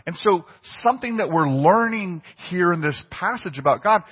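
Man, pastor, conversational sermon, husky, dull lo-fi recording. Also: high-pitched, lively intonation, moderate pace, hardly any pauses. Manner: conversational preaching, asks the congregation questions. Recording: long reverb, dull lo-fi sound.

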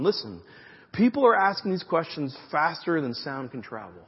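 A man's voice: a little high, moderate pace, breathy edge, dull audio. Man preaching in an echoey hall. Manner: conversational, animated preaching with asides to the congregation. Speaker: pastor. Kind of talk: sermon.

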